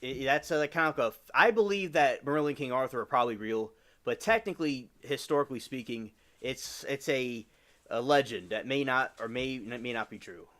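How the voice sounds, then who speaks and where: Man reading aloud haltingly on stream. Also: medium pitch, fairly bright tone. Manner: halting reading, stumbles over words. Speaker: livestream host.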